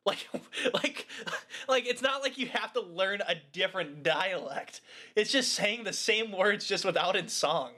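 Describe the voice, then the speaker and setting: A man's voice: high-pitched, normal speed. A man co-hosting a podcast, reviewing a movie in casual chat, swearing freely and laughing as he acts out scenes. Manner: profane, animated, laughing storyteller. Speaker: podcast co-host.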